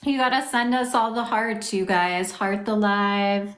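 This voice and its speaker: A woman's voice: medium pitch, measured pace, fairly bright tone. Chatty married woman in an echoey room. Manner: chatty, encouraging, teasing. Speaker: co-host of a witchcraft live stream. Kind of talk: casual live-stream chat. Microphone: phone on a live stream.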